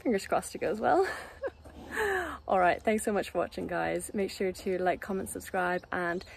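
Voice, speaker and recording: A woman's voice: lowish voice, normal speed, gravelly, a little hiss or hum. A young woman from Ireland with an Irish accent, giving a chatty, upbeat vlog walkthrough. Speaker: vlogger.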